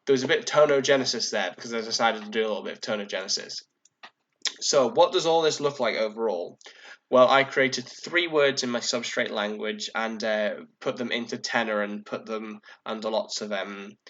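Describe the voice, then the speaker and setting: A man's voice: lowish voice, fairly bright tone, dull audio. A man co-hosting a podcast, explaining things in a casual chat, with frequent ums and restarts. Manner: hesitant, many ums and restarts. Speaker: podcast co-host.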